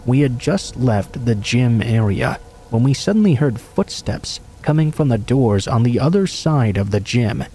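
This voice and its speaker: Man, horror story narrator, mellow dark tone, faint hiss behind, steady delivery. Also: mid-range voice, a little slow. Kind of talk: scripted narration of true scary stories.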